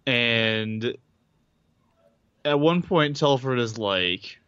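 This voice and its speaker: A man's voice: medium pitch, animated, drawn-out words, a bit bright, clean tone, no room sound, lo-fi sound. A man co-hosting a podcast, chatting casually and rambling with frequent laughs. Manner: laid-back, rambling, laughs often. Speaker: podcast co-host. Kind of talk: casual book discussion chat.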